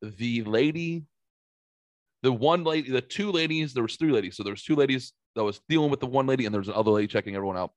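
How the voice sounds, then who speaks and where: A man's voice: mid-range voice, quick pace, no room sound. A man hosting a show, telling rambling stories in casual chat with plenty of swearing. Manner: profane, rambling, animated storyteller.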